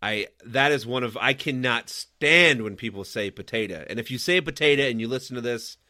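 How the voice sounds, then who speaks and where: A man's voice: mid-range voice, brisk, sharp tone, no room sound, clean studio sound. A young married man co-hosting a podcast, chatting casually, laughing often and stumbling over his words. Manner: laughs often, stammers and restarts. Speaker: podcast co-host. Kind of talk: casual chat.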